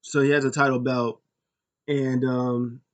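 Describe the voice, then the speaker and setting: A man's voice: medium pitch, flat delivery, unhurried. A man casually recapping a wrestling show, rambling with many fillers and self-corrections.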